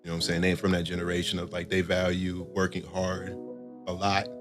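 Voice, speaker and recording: A man's voice: low voice, monotone, fast talker, music in the background. A young man hosting a podcast, chatting in a laid-back way and filling his talk with "like" and "you know what I'm saying". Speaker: podcast host. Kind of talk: casual chat.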